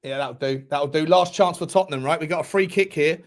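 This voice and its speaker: A man hosting a live football watchalong, excitable, shouting at players and swearing a lot. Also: on the high side, fairly quick.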